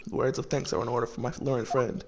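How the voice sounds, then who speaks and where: A man's voice: mid-range voice, steady tone, fast, very noisy, voice pushed down, natural voice. A man doing a cold, haughty lord prosecutor. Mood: disdainful. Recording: game music playing behind.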